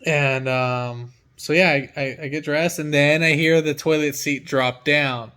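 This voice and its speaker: Animated man telling a story, a bit high. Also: a little slow, smooth. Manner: animated, acts out his own reactions. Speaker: mechanic working from home. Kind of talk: casual storytelling.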